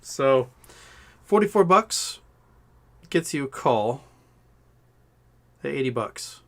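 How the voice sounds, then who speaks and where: Speaking slowly but very animatedly, a man with a medium-pitched voice hosts a casual livestream. Still slightly scratchy-throated from an illness, he jokes and rambles as he reads out what viewers ask.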